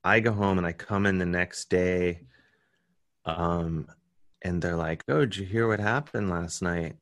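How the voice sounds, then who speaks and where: An American man, a comedian guest, telling a story in casual chat and jumping into high voices when quoting people. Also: a little slow, a bit bright, no room sound, clean studio sound.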